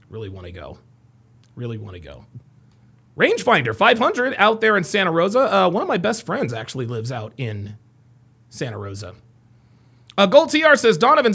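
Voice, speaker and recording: A man hosting a casual livestream, reading out viewers' names and places with upbeat shout-outs and dropping into low mumbled asides. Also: vocal fry. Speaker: livestream host.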